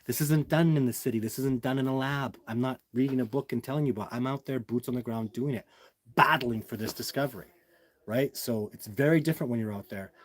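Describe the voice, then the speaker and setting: This is a fast-talking man with a mid-range voice hosting a casual livestream. Emphatic and repetitive, he answers viewers' questions and addresses them as "guys."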